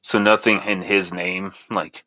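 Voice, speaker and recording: A man's voice: low-pitched, level tone, measured pace, pushed and bright, no room sound. A man co-hosting a casual panel podcast, talking bluntly and calling people "dude". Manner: blunt, says "dude" often. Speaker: podcast co-host.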